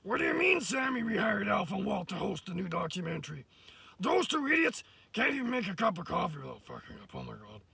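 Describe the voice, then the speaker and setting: A man voicing a vain, crude, cigar-loving male puppet who is quick to shout and curse. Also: sits high, huge pitch swings, creaky, husky, full character voice. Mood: disgusted. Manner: shouty, profane, self-admiring.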